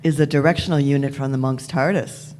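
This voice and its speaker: A wily time traveller , voiced by a woman, speaks with imperious, deliberate authority and leans on every phrase. It is a live fan radio play. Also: very deep voice, fairly even intonation, a little mellow, slight background noise. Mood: explaining. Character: wily elderly female time traveller, the Doctor.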